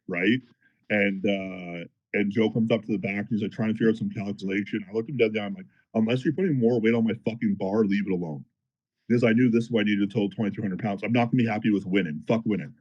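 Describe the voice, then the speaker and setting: A man telling a story in a casual podcast chat, animated and profane, as a powerlifter guest. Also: on the low side, dull audio. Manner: animated, profane, fired-up retelling.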